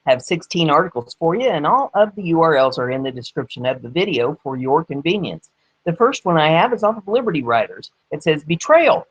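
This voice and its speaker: A woman's voice: sits low, very animated, brisk, breathy edge, highs cut off. A woman hosting her own news show, reading articles aloud and adding sarcastic, emphatic commentary. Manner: sarcastic, emphatic on key words.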